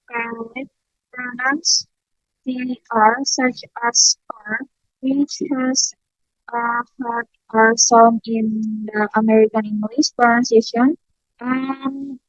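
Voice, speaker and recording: Woman reading a class presentation, slow and breathy, dull lo-fi sound. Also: a little high, no echo. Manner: slow, careful reading with hesitations.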